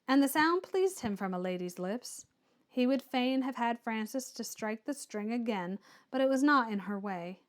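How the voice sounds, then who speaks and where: Female audiobook narrator, measured storytelling delivery, a little high. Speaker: audiobook reader. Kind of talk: reading a classic novel aloud.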